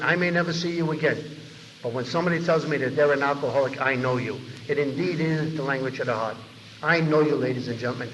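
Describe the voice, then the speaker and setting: A man tells his story at a recovery meeting, rattling along at a fast clip and acting out other people's lines as he goes. His voice sits a little high for a man. The 1990 tape sounds muffled, and his words ring out with a long hall reverb. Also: slight background noise. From New York. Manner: animated storyteller who acts out others' lines. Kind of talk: storytelling talk to a large audience. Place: large convention hall.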